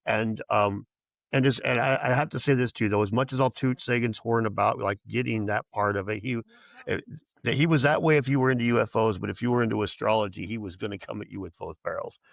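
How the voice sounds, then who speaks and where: A man's voice: fairly low pitch, fast, gravelly, no echo. A man speaking as a podcast guest in casual chat, rambling and profane, with many restarts and quoted voices for other people.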